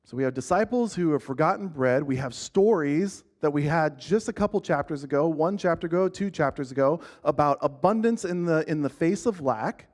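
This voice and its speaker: A man's voice: a little high, lively intonation, fairly quick, hardly any pauses, a little mellow. A man teaching an informal church lesson in a casual, conversational way, often asking the group questions and restarting his sentences. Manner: frequent restarts and filler words.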